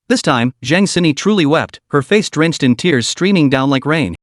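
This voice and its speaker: Male narrator, higher voice, lively pitch, dry close recording. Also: moderate pace, few pauses, no room sound. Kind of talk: scripted narration.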